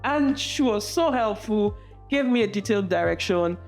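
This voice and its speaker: A Nigerian woman, a student teacher, telling stories in a relaxed interview and often restarting or repeating words. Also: mid-range voice, moderate pace, soft background music. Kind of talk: casual interview storytelling.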